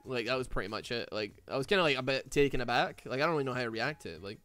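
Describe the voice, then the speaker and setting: Talking very fast, a young Glaswegian streamer from Glasgow, Scotland, chats casually during a game, filling his rambling with "like," "man" and "dude." His medium-pitched voice is expressive, pushed and bright. The recording is dry, with soft background music.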